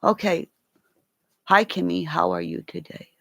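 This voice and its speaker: A woman with a low, gravelly voice rambles through a casual chat from her home, with her pitch swinging up and down. She talks slowly and breaks into cooing baby talk to her dog, and the sound is close and dry. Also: steady tone, a bit bright, no room sound. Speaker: vlogger. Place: at home, indoors.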